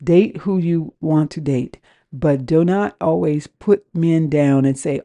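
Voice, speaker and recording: A woman's voice: low-pitched, unhurried, mellow. A woman in her fifties from the West Coast, hosting a podcast and ranting casually and candidly about her dating life, swearing freely and acting out both sides of her phone calls. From West Coast of the United States. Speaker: podcast host.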